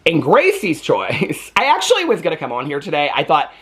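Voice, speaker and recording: A man's voice: on the high side, huge pitch swings, fairly quick, a bit bright. A man reviewing a movie in casual, rambling chat, giggling, with lots of "like" and many tangents.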